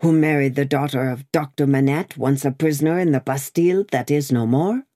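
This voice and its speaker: A woman reading an audiobook, voicing a grim, terse male wine-shop keeper who speaks low and short. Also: fairly quick, warm tone, no echo, clean studio sound.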